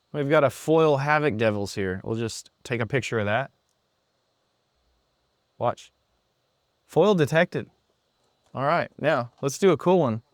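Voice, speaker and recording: Excited man demoing a scanning app. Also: medium pitch, no room sound, studio quality. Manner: excited, playfully sarcastic. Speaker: app presenter. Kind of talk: product demo. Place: room with lights, indoors.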